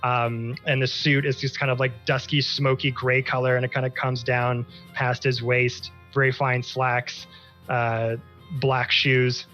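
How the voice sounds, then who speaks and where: Bright-voiced man narrating a tabletop game. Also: mid-range voice, level tone, measured pace. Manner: descriptive, loose, with many fillers. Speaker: game master. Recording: dull lo-fi stream audio with faint music.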